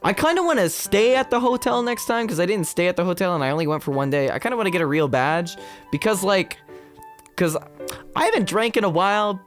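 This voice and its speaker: A man's voice: high-pitched, brisk, soft background music. A young man streaming as a VTuber, chatting casually and rambling with lots of fillers as he tells stories. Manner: rambling, full of fillers, animated storytelling.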